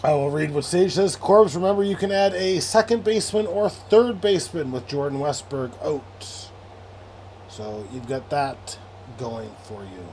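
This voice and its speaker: Young male streamer, slightly high voice, rambling and profane, reading chat with a faint noise bed. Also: unhurried, a little mellow. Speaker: livestream host. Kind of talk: late-night sports stream chat.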